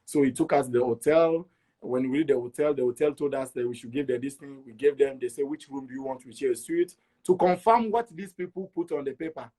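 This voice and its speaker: Husky middle-aged man telling a story. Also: medium pitch, brisk. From Togo. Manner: animated, acts out dialogue with repeats. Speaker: interview guest. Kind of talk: animated storytelling.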